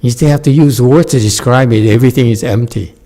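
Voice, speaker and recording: A man's voice: mid-range voice, fast, mellow. A man giving a meditation dharma talk and answering questions. He laughs often and keeps checking in with "okay?". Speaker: Chan meditation teacher.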